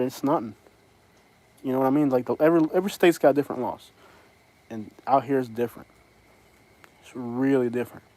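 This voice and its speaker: A middle-aged man with a Boston accent rambles bluntly to his livestream audience. His voice sits at an ordinary pitch. The sound is dry and close, with no room around it. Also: darkish tone, no room sound, rough recording. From from Boston area. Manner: rambling, blunt, talks to viewers. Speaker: livestream host. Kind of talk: casual livestream chat.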